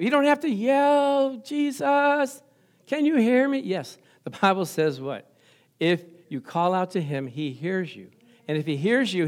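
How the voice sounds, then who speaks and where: A male pastor preaching an energetic sermon, often laughing and asking his congregation questions. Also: high voice.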